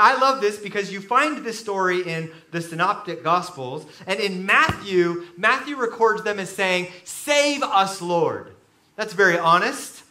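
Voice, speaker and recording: A man preaching a sermon to a room full of listeners, swinging between quiet reflection and loud emphasis as he acts out quoted voices. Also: sits high, reverberant. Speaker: pastor. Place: large room with an audience.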